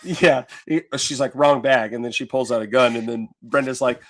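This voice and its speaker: A podcast co-host recaps movie scenes in a casual, rambling chat, using lots of fillers and restarts. His medium-pitched voice keeps a steady tone at a moderate pace.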